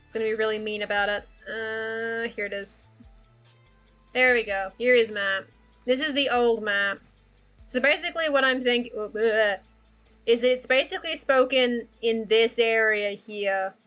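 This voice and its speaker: A woman's voice: a little high, unhurried, a bit bright, faint music behind. A woman livestreaming casually, rambling and thinking aloud with frequent laughter. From Australia. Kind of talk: casual livestream chat about worldbuilding.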